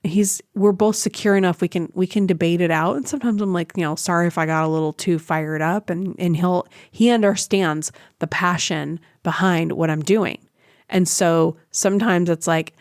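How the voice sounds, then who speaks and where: A woman's voice: lowish voice, brisk, clear, resonant tone, no room sound, clean studio sound. A woman hosting a podcast, talking casually and giving relationship advice, often acting out what other people say. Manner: chatty, animated, acts out quoted voices. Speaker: podcast host.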